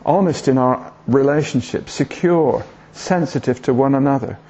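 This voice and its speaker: A southern English man gives a casual, joke-filled sermon in church, frequently putting questions to the congregation. His voice sits in the mid range, mellow, at a moderate pace. The church recording is dull and lo-fi.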